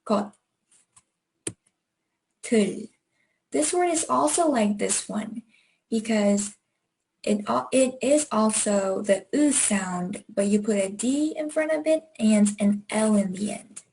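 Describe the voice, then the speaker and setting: A woman's voice: medium pitch, expressive, takes it slowly, gravelly, darkish tone, a little hiss or hum, rough recording. A young woman teaching an online language lesson, patient and encouraging, sounding out words one syllable at a time.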